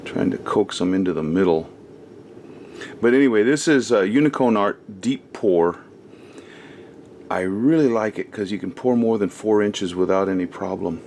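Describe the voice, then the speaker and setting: A man's voice: lowish voice, moderate pace, a little mellow, slight background noise. A man hosting a casual craft how-to, chatting and rambling with many ums and uhs as he works, his distance from the camera mic shifting as he moves. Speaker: craft channel host.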